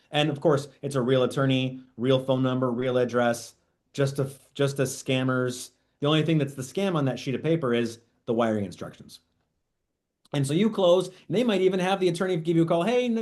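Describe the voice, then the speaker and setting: A man teaching real estate agents in an animated training talk, often acting out quoted dialogue. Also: on the high side.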